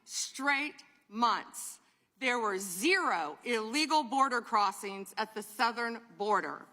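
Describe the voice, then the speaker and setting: An emphatic woman testifies in a large hearing room, hammering the same talking points. Her voice is high and bright, and the room's long reverb trails behind her words. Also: lively intonation, takes it slowly.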